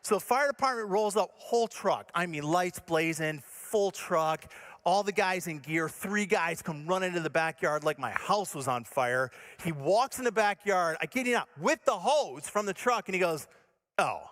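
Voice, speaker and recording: A male pastor telling a story in a sermon, animated and self-mocking, acting out his own panic. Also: sits high, moderate pace. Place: church stage.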